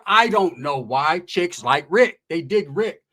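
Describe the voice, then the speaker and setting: High-voiced man telling a slangy comic story. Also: expressive, slow pace, sharp tone. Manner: slangy, profane, loose asides. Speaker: stand-up storyteller. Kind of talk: comedic storytelling.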